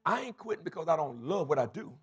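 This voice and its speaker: Husky high-voiced preacher, shouting climaxes. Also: male voice, very animated, fast. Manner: acts out quoted voices. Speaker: bishop and pastor. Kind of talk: sermon. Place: church sanctuary.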